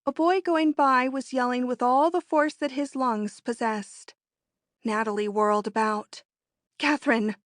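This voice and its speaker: A woman's voice: sits high, fairly even intonation, measured pace, no echo, studio quality. Woman narrating a classic novel. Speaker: audiobook narrator. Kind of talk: scripted narration.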